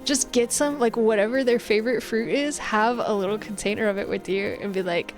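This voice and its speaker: With a steady, medium-pitched voice, brisk and with few pauses, a young woman streams live on Twitch over soft background music. She chats casually with her viewers, bossy and laughing, acting out what others say.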